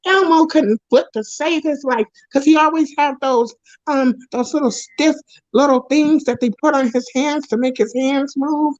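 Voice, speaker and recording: A woman plays a jealous male puppet character, a foul-mouthed loudmouth who rambles in an indignant, high-pitched rant. The voice sits well above the usual range. The recording is dull and dry, with no room sound. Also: moderate pace, no echo, close to an everyday voice. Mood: bitter ranting. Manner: profane, rambling, indignant ranting with frequent restarts. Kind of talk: comedic character monologue.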